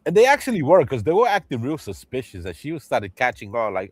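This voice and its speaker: A man hosting a livestream in casual chat, animated, laughing often and swearing freely as he acts out movie lines. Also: mid-range voice, quick pace, no room sound. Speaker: livestream host.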